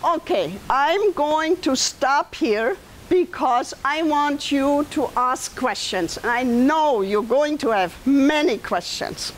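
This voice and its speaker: A woman's voice: high voice, lively intonation, slow, slight background noise, low-quality recording. A woman in her seventies with a German accent, telling her life story to an audience in a conversational way, turning to listeners with asides. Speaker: guest speaker and author.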